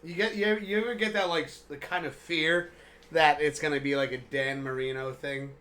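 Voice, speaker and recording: A man co-hosting a live sports stream in casual chat, excitable, with loud outbursts, reading viewer messages aloud. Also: fairly high pitch, moderate pace.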